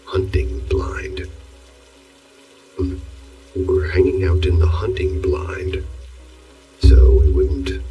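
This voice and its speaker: A man narrating horror stories in a hushed, low-key delivery, recorded on a distant mic with faint music underneath. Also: echoey room. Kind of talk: scripted horror story narration.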